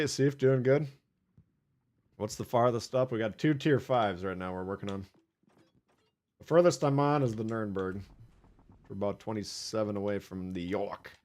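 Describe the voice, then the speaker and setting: A man's voice: lowish voice, darkish tone. A man streaming live gameplay, chatting casually with viewers, swearing and laughing as he plays.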